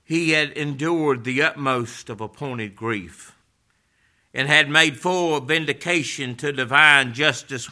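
A middle-aged male preacher delivers a dramatic sermon at a very slow, deliberate pace. His voice is bright and forceful, with a medium pitch. He swings from loud, passionate passages to hushed, almost whispered words.

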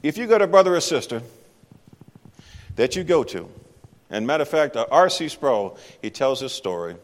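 In a church sanctuary, a man preaches a sermon conversationally and emphatically, putting questions to the congregation. His mid-range voice has a sing-song quality at a moderate pace, and the recording carries long hall reverb.

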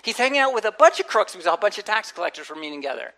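Speaking very fast in a medium pitch, this woman pastor delivers a chatty sermon full of funny asides. She animatedly performs quotes and inner voices as she goes.

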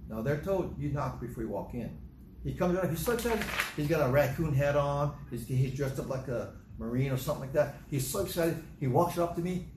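An older man, a grandfather, preaching a sermon in an animated way and acting out bits of dialogue. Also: fairly high pitch, brisk. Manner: animated, acts out dialogue in different voices. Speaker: pastor. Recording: echoey room with noticeable noise.

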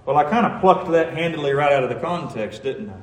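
A man's voice: a little high, lively intonation, fast. A man preaching a sermon, earnest and pleading, pressing each point home with emphasis. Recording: roomy echo.

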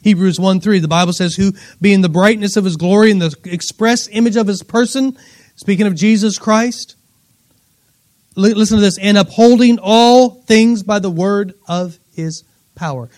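A high-voiced man preaching a sermon. He reads scripture aloud and presses his points with repeated words, rising loud for emphasis and dropping to quiet asides. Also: moderate pace.

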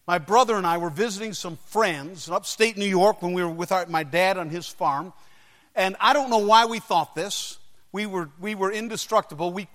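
High-voiced preacher in an echoing hall. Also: male voice, a bit bright. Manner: emphatic, dramatic pauses, acts out voices. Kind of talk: sermon with personal storytelling. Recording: long hall reverb.

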